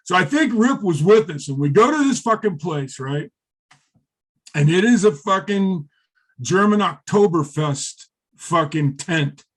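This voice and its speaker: A middle-aged former wrestler, a guest in an interview, telling stories in a rambling, profane way with many fillers. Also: male voice, sits high, lively intonation, measured pace. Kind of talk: casual interview storytelling.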